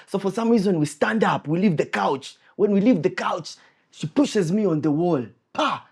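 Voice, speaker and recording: Animated man telling a story. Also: high-pitched, normal speed, breathy edge. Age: young adult. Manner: animated, laughing, acts out scenes with sound effects. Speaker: podcast co-host. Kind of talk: casual storytelling chat.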